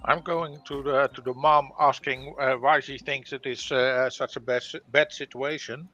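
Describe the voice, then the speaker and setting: A man playing a tabletop game, easygoing and quick to laugh. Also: medium pitch, fairly even intonation, pushed and bright, muffled recording, soft background music. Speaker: player.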